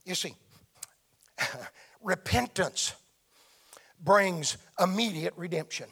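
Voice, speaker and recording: High, gravelly-voiced preacher man. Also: expressive, slow pace, bright, forceful tone. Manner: emphatic, rising and falling delivery. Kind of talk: sermon.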